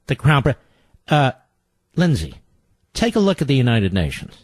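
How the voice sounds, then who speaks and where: A man's voice: fairly high pitch, no echo. A man hosting a political talk radio show, delivering a sarcastic, mocking monologue.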